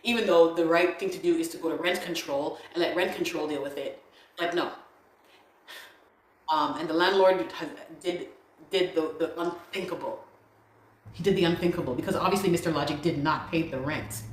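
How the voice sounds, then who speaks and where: A low-voiced woman from Ghana, speaking at a moderate pace, recounts an emotional personal experience as an interview guest. Exasperated, she repeats words while venting, captured with a roomy echo.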